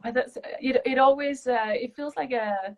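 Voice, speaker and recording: A woman's voice: high voice, moderate pace, a little hiss or hum. Woman hosting a video call chat. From Denmark. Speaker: host. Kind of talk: casual online interview.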